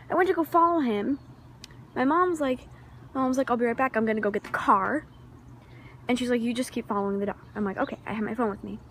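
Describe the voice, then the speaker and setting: A teenage girl vlogging outdoors in her neighborhood, telling a rambling, excitable story into a handheld phone camera. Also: sits high, a little hiss or hum. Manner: excitable, rambling, many restarts and fillers. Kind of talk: casual storytelling vlog.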